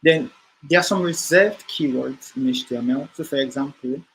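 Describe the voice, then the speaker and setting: A man walks through a coding tutorial at a middle pitch, thinking aloud with frequent fillers and restarts. A faint noise hums under his voice. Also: moderate pace, fairly bright tone, rough recording. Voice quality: hesitant, many fillers and restarts while explaining. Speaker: coding instructor. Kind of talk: screen-share coding tutorial.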